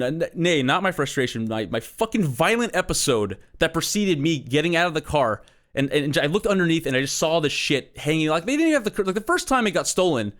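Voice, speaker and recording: A man's voice: on the high side, a bit bright. A young man telling a long, profane, exasperated comic rant with sarcastic asides. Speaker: comedy podcast host. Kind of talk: ranting comic monologue.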